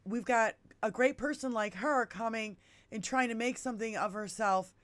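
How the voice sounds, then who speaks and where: Brief: woman in her fifties hosting a podcast, lively storyteller with a salty mouth, fairly high voice, dry close sound. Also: moderate pace, dry recording. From United States. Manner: animated storyteller, swears freely. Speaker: podcast host. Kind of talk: casual chat.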